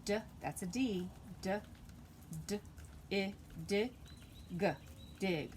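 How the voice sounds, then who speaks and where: A woman teaching a phonics lesson to preschoolers, sounding out letters slowly and deliberately, recorded at home. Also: medium pitch, expressive, darkish tone. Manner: slow, deliberate, sounds out letters for little kids. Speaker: pre-K teacher. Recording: noisy home video recording.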